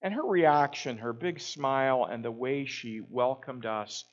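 A man speaks at an ordinary, middle pitch, telling a story in a calm, reflective way. He pauses often with small fillers as he thinks. The recording sounds a bit muffled and dull. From Canada. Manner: unhurried, with frequent "uh" pauses.

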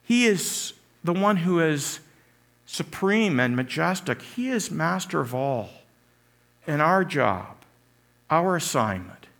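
A middle-aged man preaching a sermon, telling stories with animated delivery and acted-out voices. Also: mid-range voice. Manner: animated storytelling, acts out voices.

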